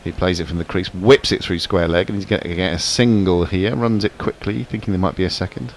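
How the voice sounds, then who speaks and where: Low-voiced male cricket commentator. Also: fairly even intonation, a little fast, slight background noise. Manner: chatty, joking between deliveries. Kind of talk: ball-by-ball radio commentary.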